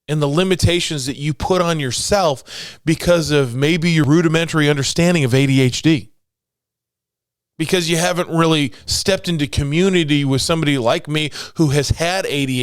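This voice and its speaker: A man's voice: a little high, no echo, studio quality. A man in his forties hosting a casual solo podcast from his home office, jokey and motivational in tone. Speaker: podcast host.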